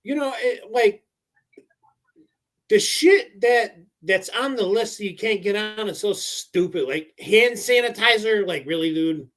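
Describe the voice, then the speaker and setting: A man's voice: high voice, a little slow, fairly bright tone. A laid-back man in casual podcast chat, who swears a lot and calls people dude. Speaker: podcast co-host.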